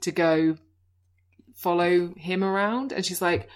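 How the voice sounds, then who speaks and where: A British woman chatting casually as a podcast co-host, sarcastic and quick with asides. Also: on the low side, steady tone. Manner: chatty, sarcastic, frequent laughs and trailing asides. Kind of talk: casual chat reviewing a film.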